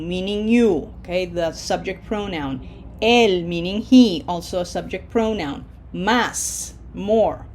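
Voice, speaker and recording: A woman teaching a Spanish pronunciation lesson, explaining patiently, checking in with "okay?" and modeling words slowly. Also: medium pitch, darkish tone. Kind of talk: classroom lesson.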